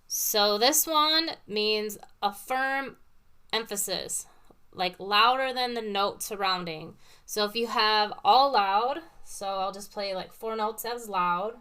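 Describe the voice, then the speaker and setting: Bright, clear-voiced woman piano teacher. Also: mid-range voice, slow pace. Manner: patient, explains with everyday comparisons. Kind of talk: casual teaching talk with demonstrations. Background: piano played between phrases.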